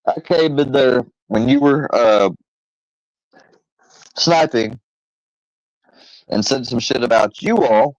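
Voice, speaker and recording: A man hosting his own channel, rambling defensively with many fillers and pauses as he rants casually. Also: mid-range voice, no room sound. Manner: rambling, halting, full of fillers; defensive, irritated. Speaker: channel host. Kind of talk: rambling casual vlog rant. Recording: dull lo-fi close recording.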